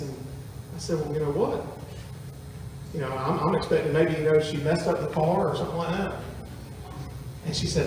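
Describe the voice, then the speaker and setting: A man's voice: a little high, fairly even intonation, a little fast, long pauses, a little mellow, a little hiss or hum. A man, a pastor telling a family story in a folksy sermon to his congregation. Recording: echoey hall from far off.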